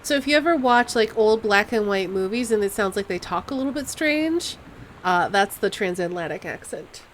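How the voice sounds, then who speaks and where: A woman's voice: medium pitch, animated, moderate pace, slight background noise, poor audio. A woman streaming a game live, musing aloud and puzzling over clues as she plays.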